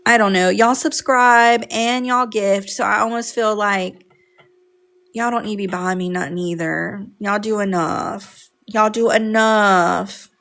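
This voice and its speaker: A woman's voice: mid-range voice, fairly even intonation, a little slow, vocal fry, fairly bright tone. A woman teaching a live coloring class, chatting casually with viewers as she works. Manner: chatty, talks to viewers while working. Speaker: art teacher on a live stream.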